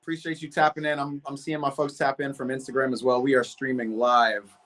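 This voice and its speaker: A man hosting a live football watch-along from home, reacting loudly to the match and chatting with viewers. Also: medium pitch, brisk. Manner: excitable, shouts at big chances, chatty with chat. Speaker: watch-party streamer.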